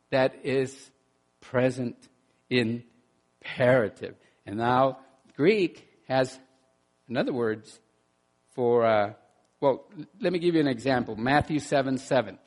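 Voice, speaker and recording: A man preaching a sermon in an animated way, dropping to quiet asides and rising to loud bursts, often repeating words as he restarts. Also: mid-range voice, slow, pauses often. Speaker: pastor.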